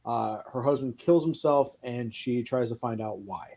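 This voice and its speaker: An animated man chatting casually on a film podcast. He tells stories with energy and swears freely. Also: mid-range voice, normal speed. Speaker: podcast co-host. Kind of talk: casual chat.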